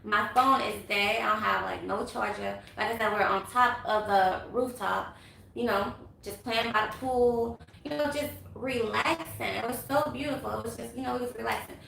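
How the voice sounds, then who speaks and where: A young woman, telling a story to her viewers in a casual, animated vlog. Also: a little high, gravelly, a little hiss or hum. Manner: animated, chatty, quick asides to viewers. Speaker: vlogger. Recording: echoey room.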